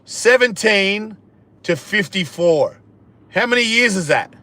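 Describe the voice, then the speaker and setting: A man in his 50s hosts a live stream, reading viewer comments and reacting in a blunt, jokey, profane ramble that sometimes drops to a low mumble. His voice is expressive, bright, and forceful, and he takes it slowly.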